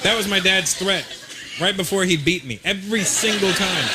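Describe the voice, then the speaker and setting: Male stand-up comic, high-ish voice, animated storyteller; live set with heavy crowd noise. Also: normal speed. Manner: animated storytelling with sudden loud jumps. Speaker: stand-up comedian. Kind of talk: stand-up comedy routine. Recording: live show with loud audience noise.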